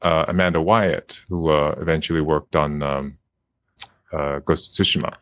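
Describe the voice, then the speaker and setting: A man's voice: a bass voice, fairly even intonation, moderate pace, no room sound. A man guest voice actor in a casual interview chat, laughing often and speaking hesitantly with many fillers.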